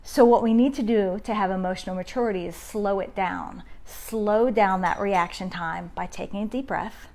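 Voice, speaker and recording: A woman's voice: medium pitch, moderate pace, few pauses, a little mellow. A middle-aged woman hosting a parenting live stream from home on her phone, talking conversationally and greeting viewers by name as she teaches. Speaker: parenting group host. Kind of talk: casual live-stream talk.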